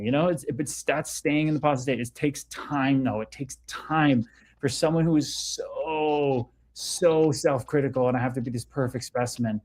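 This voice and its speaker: A man's voice: mid-range voice, a little fast, darkish tone. Male livestream host, mid-range voice, frank and loose, reads chat aloud. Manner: candid, swears freely, reads viewer comments aloud. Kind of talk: casual livestream talk.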